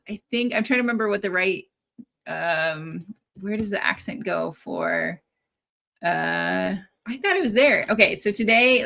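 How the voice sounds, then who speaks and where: A woman's voice: medium pitch, gravelly, fairly bright tone. A woman in her thirties leading a live coding tutorial stream, chatty and upbeat, often tagging her sentences with "right?". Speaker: developer advocate teaching a live stream.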